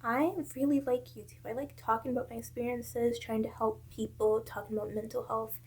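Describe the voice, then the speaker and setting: Husky-voiced young woman giving candid advice. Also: a little high, little pitch movement, fairly quick. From South Carolina. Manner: candid, earnest and personal. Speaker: vlogger. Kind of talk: casual advice talk to camera.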